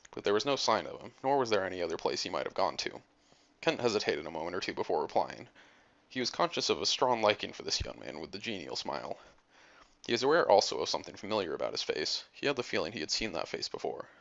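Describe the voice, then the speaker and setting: A man reading an adventure audiobook in a measured, steady storytelling manner, on a dull lo-fi recording. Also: deep voice, gravelly. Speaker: audiobook narrator. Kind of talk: audiobook narration.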